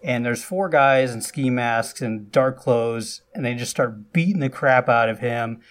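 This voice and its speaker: Man, middle pitch, casual film recap, chatty, loose asides, lively bursts, podcast host. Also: a little slow.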